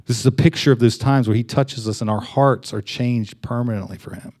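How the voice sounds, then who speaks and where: Young male pastor, relaxed conversational sermon, stumbles and restarts. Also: mid-range voice, a little fast. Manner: conversational, with many fillers and restarts.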